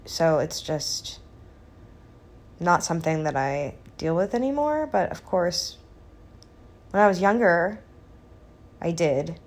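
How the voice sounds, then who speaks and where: A woman in her twenties chatting casually as a vlogger, stoned and laid-back, with vocal fry in a rambling, quiet delivery. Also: on the low side, big pitch swings, slow, long pauses. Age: 20s. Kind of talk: casual chat.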